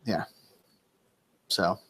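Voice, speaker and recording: A man's voice: drawn-out words, pushed and bright. A man tutoring a student one-on-one, explaining points patiently and with emphasis. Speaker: Greek tutor.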